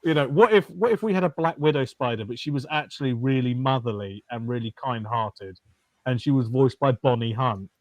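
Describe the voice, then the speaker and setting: A man guest on a film podcast, animated and laughing often as he chats. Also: mid-range voice, a little fast, no echo. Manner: animated, laughs often, quotes lines in voices. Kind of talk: casual film discussion.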